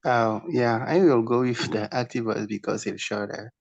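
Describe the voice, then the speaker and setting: A man's voice: mid-range voice, fairly even intonation, moderate pace, creaky, no echo, dull audio. A male student giving short, hesitant answers in class.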